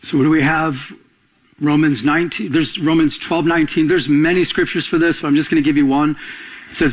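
A man's voice: a little high, steady tone, fairly quick, slightly rough. A middle-aged man preaching a sermon, calling out questions to the congregation and building to emphatic points. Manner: call-and-response preaching, rising to emphatic climaxes. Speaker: pastor.

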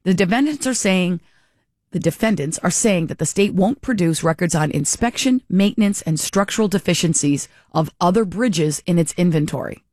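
A woman's voice: fairly low pitch, lively intonation, moderate pace, a little mellow, dry recording, clean studio sound. Indignant woman ranting about politics. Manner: indignant, sarcastic, rhetorical questions. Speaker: political commentator. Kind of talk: opinionated political commentary.

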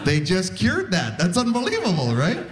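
Man, 40s, from Canada, stand-up comedian, lively pitch, slightly high voice, laid-back storytelling. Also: moderate pace. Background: audience laughter.

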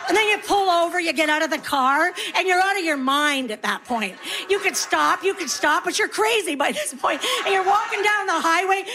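A middle-aged woman doing a stand-up comedy set, acting out her kids and herself in animated voices. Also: extremely high pitch, a little fast, few pauses.

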